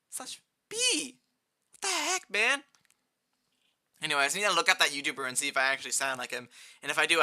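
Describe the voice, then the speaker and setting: Bright-voiced young man streaming chat. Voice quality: fairly high-pitched. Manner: rambling, answers chat, rising excited outbursts. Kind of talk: casual live-stream chat while gaming.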